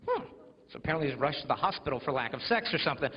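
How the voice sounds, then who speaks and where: A young American man in his twenties giving a jokey, animated talk to teenagers, telling stories with acted-out quotes. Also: a little high, very fast. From United States. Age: 20s. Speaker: chastity speaker. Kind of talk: humorous motivational talk to teens. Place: large school hall with audience. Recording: lo-fi recording with long hall reverb.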